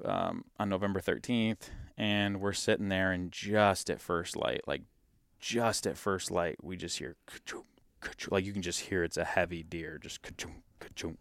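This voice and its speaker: A man from Michigan telling a hunting story in a casual, animated way, acting out what people said. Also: low-pitched, creaky, dry recording, studio quality. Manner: animated, acts out quotes in his story. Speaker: podcast guest, hunter.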